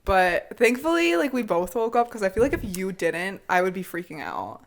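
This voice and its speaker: A woman's voice: mid-range voice, sing-song, normal speed, vocal fry. A young woman co-hosting a podcast, agreeable and chiming in with short replies in casual chat. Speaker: podcast co-host.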